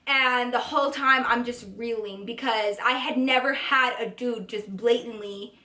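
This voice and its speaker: A young woman telling a casual storytime vlog, animated and profane, her voice climbing high and loud when she is outraged. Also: a little slow, echoey room. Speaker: beauty vlogger telling a story.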